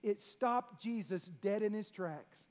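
A man with a strikingly high voice preaches in a drawl. He sweeps from near-whispers up to ringing shouts as he drives home each point. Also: takes it slowly. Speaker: pastor. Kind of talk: sermon.

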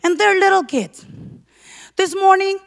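High creaky-voiced woman preaching testimony. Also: unhurried. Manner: fervent, breaks into shouted praise; leans on repeated emphasis words. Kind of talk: sermon testimony.

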